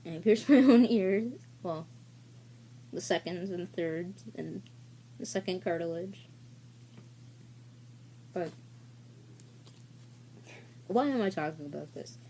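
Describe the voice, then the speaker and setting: Brief: woman vlogger, casual and candid, swears freely, soft dark tone. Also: fairly low pitch, slow, pauses often, a little hiss or hum. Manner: rambling and candid, with frequent fillers and swearing. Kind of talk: casual story-time vlog.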